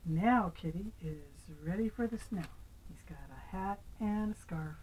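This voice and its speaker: Slow, mellow grandmother reading aloud. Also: medium pitch, a little hiss or hum, low-quality recording. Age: older. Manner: gentle, asks the child questions, sometimes whispers. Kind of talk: reading a picture book aloud to a child.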